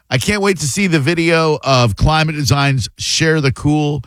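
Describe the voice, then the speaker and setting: A man's voice: mid-range voice, expressive, normal speed, hardly any pauses, dry recording, studio quality. A man hosting a casual radio talk show, talking loosely and rambling, trailing off with "uh" as he thinks. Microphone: studio microphone.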